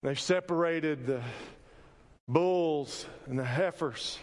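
A man preaching a sermon, telling folksy stories with sudden loud emphasis. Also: fairly high pitch, slow pace, long reverb tail. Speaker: pastor. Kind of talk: sermon with personal storytelling. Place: church sanctuary.

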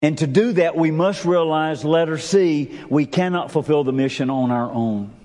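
A man preaching a sermon as pastor, emphatic, with big swings in pitch and pace. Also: normal speed, darkish tone. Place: church sanctuary. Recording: long reverb of a church sanctuary.

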